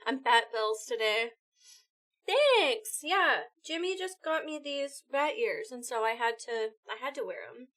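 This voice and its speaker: In a high voice, a woman keeps up casual chatter with her stream viewers, her tone excitable and bubbly as she rushes to thank each new contributor.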